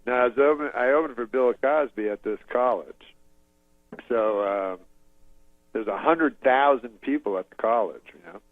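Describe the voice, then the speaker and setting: Deadpan man rambling through a story. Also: mid-range voice, normal speed, dry recording. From Canada. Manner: deadpan, meandering, chuckles at his own story. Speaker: comedian guest. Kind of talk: rambling anecdote in an interview. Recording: slightly muffled lo-fi audio, dry.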